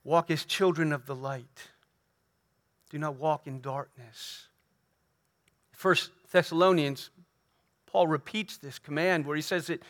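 A man preaching a sermon as pastor, earnest and emphatic, repeating key phrases and slowing down to stress quoted lines. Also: a little high, fairly bright tone. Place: church sanctuary.

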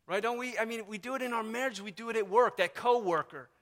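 A man preaches as pastor in a church sanctuary, talking fast in a high, somewhat bright voice. His sermon is emphatic and conversational, heavy on repetition, and the church hall adds a long reverb.

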